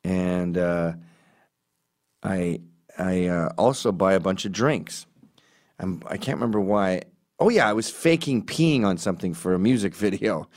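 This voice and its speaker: A middle-aged man telling comic stories in a rambling, self-correcting way, squeaking up for quoted voices. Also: expressive, a little slow, a little mellow. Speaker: comedian. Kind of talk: casual storytelling monologue.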